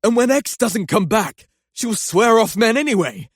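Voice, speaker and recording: Guilt-ridden male doctor in an audiobook, acted by a man, swearing outbursts, animated delivery. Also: high voice, moderate pace, no echo, clean studio sound. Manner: swearing outbursts, self-loathing rants. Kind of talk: audiobook character acting.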